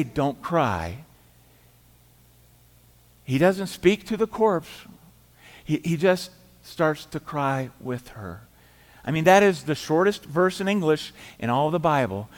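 Middle-aged pastor preaching in a reverberant church. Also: male voice, on the high side. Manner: conversational storytelling, acting out quoted voices, dropping quiet for emphasis. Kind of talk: sermon. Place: church sanctuary.

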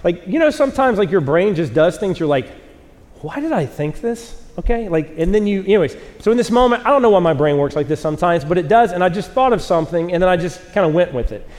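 Pastor guy in his 40s, high voice, goofy self-mocking storytelling, big echoey church hall. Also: animated, fast, few pauses, darkish tone. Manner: storytelling, self-mocking, acts out quotes in a higher voice. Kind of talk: sermon. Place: church auditorium with a live audience.

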